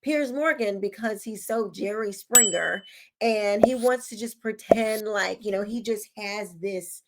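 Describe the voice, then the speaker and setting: Woman host doing a sassy rambly commentary, lots of "like" and "you know", normal pitch. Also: unhurried, very noisy. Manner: chatty, sassy, rambling with fillers. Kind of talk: casual opinion commentary.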